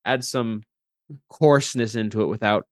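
A man's voice: lowish voice, steady tone, normal speed, dry recording, studio quality. A man who is a guest on a tabletop gaming podcast, chatting casually with bursts of enthusiasm.

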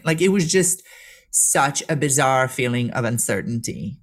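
A middle-aged woman from Serbia, a guest telling a personal story in an earnest way, halting and restarting as she gets emotional. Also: rumbling low, expressive.

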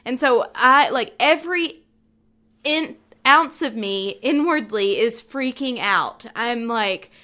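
A woman co-hosting a casual podcast chat, telling a story in an animated, self-mocking way and laughing often. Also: on the high side, slow. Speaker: podcast co-host.

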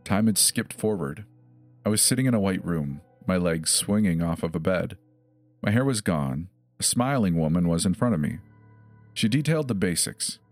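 A man telling a horror story in a measured, grave first-person narration. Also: sits low, animated, no echo. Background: faint music.

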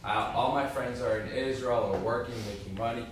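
A young man sharing a personal story in class, quiet and hesitant. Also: mid-range voice, steady tone, a little fast. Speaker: student. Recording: echoey room from far off, noise.

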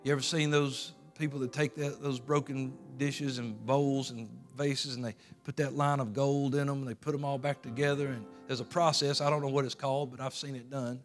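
A man's voice: medium pitch, flat delivery, brisk, few pauses. Male pastor, folksy then fervent preaching, light music underneath. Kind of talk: sermon.

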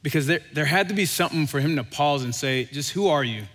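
Conversational preacher in a reverberant hall. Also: male voice, on the high side, fast. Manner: conversational, animated storytelling with quoted voices. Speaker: pastor. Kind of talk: sermon.

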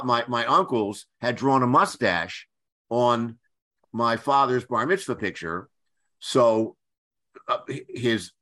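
An older man from the Philadelphia area, a guest screenwriter telling anecdotes in a halting way, with many restarts and fillers. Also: mid-range voice, bright, forceful tone. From Philadelphia area, USA. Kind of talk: anecdotal storytelling.

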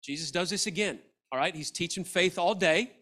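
Man, pastor, lively sermon, high voice, bright tone, acts out characters. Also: a little fast. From Australia. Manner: animated, acts out Bible characters' lines. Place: church hall.

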